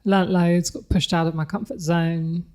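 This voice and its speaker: A woman's voice: fairly low pitch, little pitch movement, moderate pace, a little mellow. A woman, speaking candidly and reflectively as a podcast guest, laughing often. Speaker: guest, company CEO. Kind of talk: podcast interview conversation.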